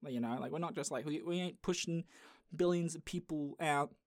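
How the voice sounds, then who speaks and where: A man's voice: a little high, fairly quick, no echo, studio quality. A man hosting a podcast in casual chat, rambling with lots of fillers. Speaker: podcast host.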